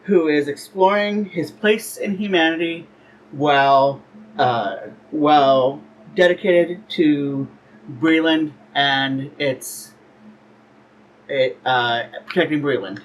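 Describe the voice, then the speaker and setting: A man introducing his character in a tabletop game, hesitant and full of pauses and fillers. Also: a little high, rough recording.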